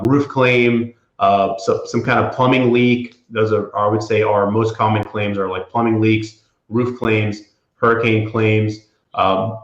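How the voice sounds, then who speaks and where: A man from the Florida Panhandle, an attorney and guest, talking casually with many fillers and restarts. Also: lowish voice. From Florida Panhandle, USA. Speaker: property insurance attorney, guest. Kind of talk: casual interview talk. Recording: roomy, dull lo-fi sound.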